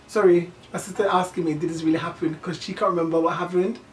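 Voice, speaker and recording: A young woman from Nigeria with a fairly low voice, talking through a personal storytime for her channel. She speaks candidly and haltingly, circles back on her own words and keeps asking the viewer if they follow. The mic sits a little way off. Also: fairly even intonation, distant mic, slight background noise. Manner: halting, candid, repeats herself, asks "do you know what I mean". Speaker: vlogger.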